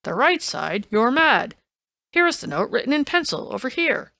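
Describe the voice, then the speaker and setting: A woman voicing a brash, blustering male police inspector in an audiobook, loud and insistent. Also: on the high side, very animated, normal speed, gravelly, dry recording, pitched above the performer's own voice, full character voice. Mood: indignant. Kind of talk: audiobook reading.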